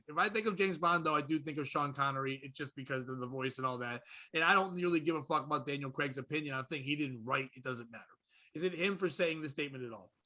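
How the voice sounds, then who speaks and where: Profane ranting man with a high voice. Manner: profane, ranting, swings from low mutter to loud outbursts. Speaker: podcast host. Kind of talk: casual comedy podcast rant.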